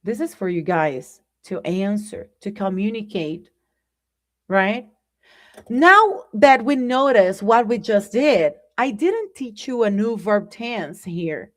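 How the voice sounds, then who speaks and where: A woman teaching a live online English lesson, speaking deliberately and often checking in with "right?". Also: mid-range voice, lively intonation.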